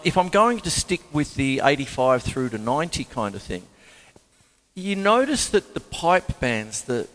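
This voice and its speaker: This man's voice sits a little high and sounds a bit bright. He hosts a casual drum lesson as teacher and show host, rambling chattily and poking fun at himself, with faint drums and a long hall reverb in the background.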